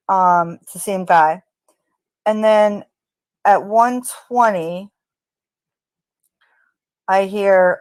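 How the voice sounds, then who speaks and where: A woman slowly recounts overheard lines one by one, pausing on fillers as she goes. Her pace is unhurried and deliberate. The sound is close and dry, with no room around her. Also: mid-range voice, smooth, no echo. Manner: recounts quoted lines flatly, with hesitant fillers. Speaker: recording analyst narrator. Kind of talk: reading out an audio transcript.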